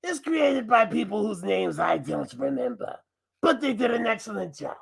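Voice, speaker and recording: A man putting on a giggly, gravelly mask prankster. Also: high voice, big pitch swings, moderate pace, exaggerated voice. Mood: gleeful. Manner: theatrical, giggling between lines. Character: mischievous male mask persona hijacking the channel. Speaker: review show host.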